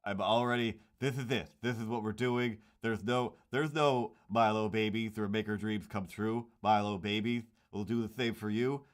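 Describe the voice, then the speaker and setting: A man's voice: on the low side, steady tone. Rambling joking man drawing on stream. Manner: rambling, jokey mock outrage, slips into quick silly voices. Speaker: comic artist streaming while drawing. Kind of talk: casual chat while drawing.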